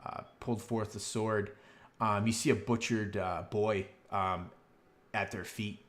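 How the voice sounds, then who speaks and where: A man narrates a tabletop game as game master, with a lowish voice. He rambles and fills his pauses with many ums and uhs. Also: steady tone, a bit bright.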